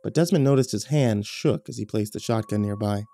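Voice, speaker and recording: A man reading a horror story aloud in steady, dramatic scripted narration. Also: fairly low pitch, a little fast, gravelly, faint music behind.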